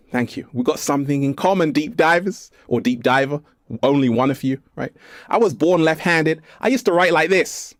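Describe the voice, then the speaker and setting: A man from England talking casually to camera from an art gallery, playful and animated, stretching out his words. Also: a little high, no echo, clean studio sound. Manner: animated, playful, slow drawn-out phrases, fond addresses to viewers. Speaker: vlogger and self-help speaker. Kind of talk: casual spiritual talk to camera.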